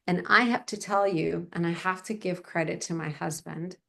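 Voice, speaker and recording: A woman's voice: on the low side, moderate pace, gravelly. A middle-aged woman, a guest in an interview, telling a personal story and acting out the people in it. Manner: animated, acts out the people in her stories.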